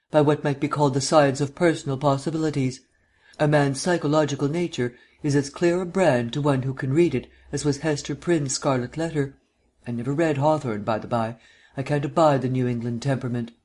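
A man voicing a languid, witty gentleman detective who speaks in an unemotional drawl. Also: mid-range voice, steady tone, a little fast, close to an everyday voice. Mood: blithe. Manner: unemotional drawl, airy and mocking.

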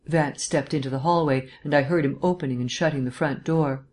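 An audiobook narrator reading scripted narration in a measured, even storytelling manner. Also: mid-range voice.

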